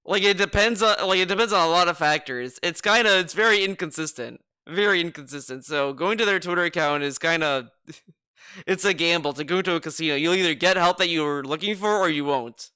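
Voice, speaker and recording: A man's voice: a little high, fairly quick, pushed and bright, smooth, dry recording, studio quality. A man giving casual, sarcastic reaction commentary, rambling and repeating himself as he argues. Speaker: streamer reacting to a video.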